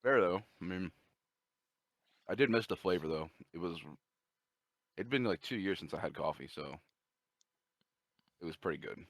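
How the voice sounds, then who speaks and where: A man's voice: low voice, expressive, moderate pace, long pauses, no echo. A man co-hosting a casual podcast, chatting in a laid-back way. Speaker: podcast co-host. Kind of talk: casual chat.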